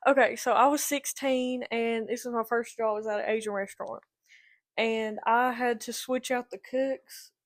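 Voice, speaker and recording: A woman's voice: on the high side, fairly even intonation, moderate pace. A young woman co-hosting a casual podcast, telling stories in a chatty way, laughing often and acting out the people in them. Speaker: podcast co-host. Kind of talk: casual storytelling chat.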